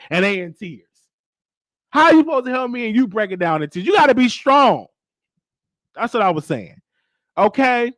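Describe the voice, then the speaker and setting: A man's voice: very high-pitched, a bit bright, no room sound. A man who hosts and does comedy, talking casually and sassily to his live-stream viewers, often checking in with "okay?". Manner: sassy, addresses viewers as baby and checks in with okay. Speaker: host and comedian.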